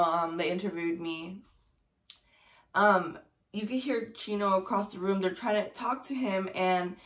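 A mother telling a personal story to camera, pausing often and restarting her sentences. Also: mid-range voice, fairly bright tone. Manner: halting, with many fillers and restarts.

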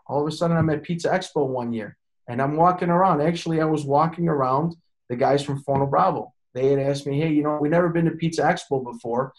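A pizza chef and consultant tells stories in a casual interview, speaking a little fast in a voice on the high side. He's animated and acts out the voices of the people he quotes.

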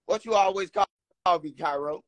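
A man's voice: a little high, moderate pace, no echo. A man with a Chicago accent hosting a heated livestream argument, talking brash trash and repeating himself. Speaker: host.

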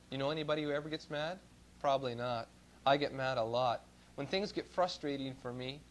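Delivering a church sermon, a middle-aged man from Canada tells homespun stories, alternating between booming emphasis and hushed side remarks, with slight background noise present.

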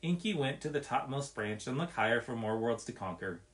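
A man reading a nature story aloud in an expressive, measured way. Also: mid-range voice.

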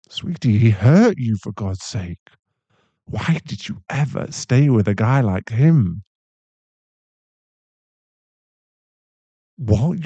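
A young man in a whispered role-play, voicing a caring, protective boyfriend who speaks softly and reassuringly, with a gravelly voice. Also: medium pitch, no echo, highs cut off, heavily acted. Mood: upset. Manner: soft, reassuring, slow-spoken. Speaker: ASMR voice actor.

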